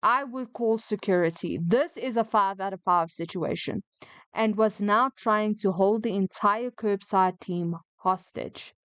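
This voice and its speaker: Smooth-voiced woman chatting and reading stories. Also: mid-range voice, measured pace, a bit bright, no room sound. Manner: opinionated, chatty, indignant asides. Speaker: streamer reading and rating online retail stories. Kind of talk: casual chat mixed with reading stories aloud.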